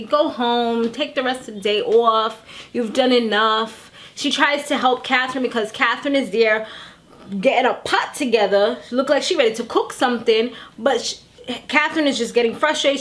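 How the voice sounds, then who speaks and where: A woman vlogger recapping a TV episode in a casual, animated way, laughing and acting out the characters' lines. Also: high-pitched.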